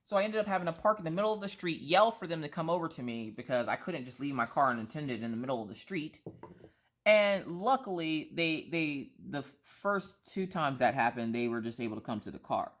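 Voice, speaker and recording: Her voice is low but lively in intonation and a little fast: a woman vlogger in her thirties, rambling through a casual story full of tangents and restarts.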